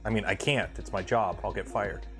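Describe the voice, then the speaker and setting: A man's voice: fairly low pitch, normal speed, over music. A man from Canada hosting a casual livestream, chatting with viewers and ranting animatedly about a pet peeve. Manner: chatty, reads chat aloud, rants animatedly. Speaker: livestream host.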